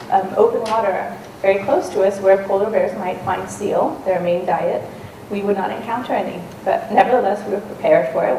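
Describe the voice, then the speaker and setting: A woman's voice: medium pitch, warm tone. Woman speaker, casual storytelling talk with ums, distant mic, faint hum behind. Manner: conversational, with frequent ums and restarts. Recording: roomy and distant with faint noise.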